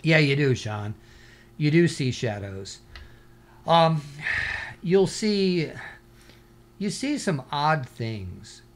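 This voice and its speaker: Animated rambling male interview guest. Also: a little high, extremely slow, pauses often. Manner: animated, rambling storyteller full of "you know". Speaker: guest, scuba diver and paranormal investigator. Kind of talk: casual interview chat.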